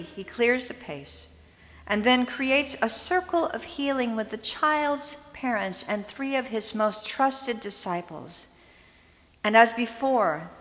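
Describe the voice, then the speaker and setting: A woman pastor delivering a sermon, retelling a story in a slow, deliberate storytelling manner. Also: mid-range voice, fairly bright tone, long reverb tail. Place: church sanctuary.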